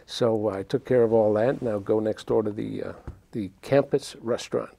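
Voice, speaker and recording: A man's voice: lowish voice, moderate pace, gravelly, dark tone. A man, a talk-show guest animatedly telling a childhood story and acting out the voices. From New York City. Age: 60s.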